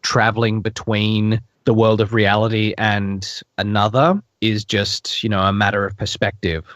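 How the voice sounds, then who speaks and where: Male voice actor guest, low register, dry booth sound, relaxed and rambling answers. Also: measured pace, no room sound. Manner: thoughtful, rambling with frequent restarts and fillers. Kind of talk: casual interview answers.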